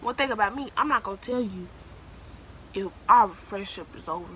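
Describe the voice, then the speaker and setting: A young woman in her late teens talks straight to the camera, handing out blunt life advice. She is emphatic and a bit preachy, repeats lines for emphasis, and keeps calling the listener "baby". Her voice sits at an ordinary middle pitch for a woman, with a faint hiss behind it. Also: a little fast, sharp tone, poor audio. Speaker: vlogger giving advice to new students. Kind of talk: casual advice monologue to camera.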